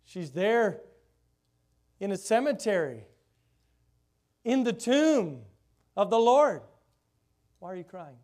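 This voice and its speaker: A man preaching a sermon, reading scripture aloud and expounding on it with rhetorical questions, his voice swelling loud for emphasis and dropping soft. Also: sits high, sing-song, slow, long pauses.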